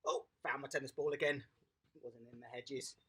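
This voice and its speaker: A children's tennis coach, giving a lively, encouraging home lesson and praising the young players outdoors in a garden. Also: medium pitch, fairly quick, slightly rough.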